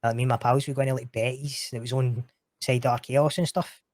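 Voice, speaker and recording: A man with a Scottish accent, a guest telling stories in casual chat, animated and sweary. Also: medium pitch, fast, no echo, clean studio sound. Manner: animated, sweary, quotes others in raised voice.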